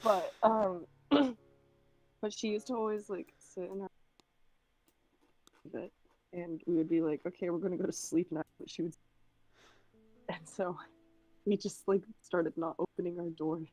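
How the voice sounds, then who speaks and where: A woman's voice: on the low side, fairly even intonation, unhurried, long pauses, darkish tone, faint music behind, low-quality recording. A young woman chatting casually on a stream, telling long rambling stories full of "like" and giggles. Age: young adult. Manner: rambling storyteller, many "like"s, giggly. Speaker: guest.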